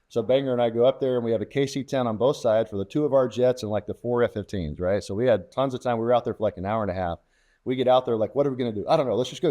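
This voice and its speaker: A middle-aged man, a former fighter test pilot, telling war stories in a casual interview and acting out the quoted dialogue. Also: mid-range voice. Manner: lively storyteller who acts out quoted radio talk.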